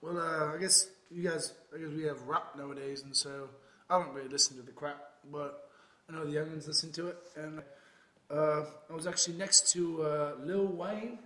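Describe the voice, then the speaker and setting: A man's voice: on the high side, fairly even intonation, moderate pace, sharp tone, reverberant, low-quality recording. A man playing a rambling aging ex-rocker and ex-convict, hesitant and full of filler sounds. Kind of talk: improvised comedy interview.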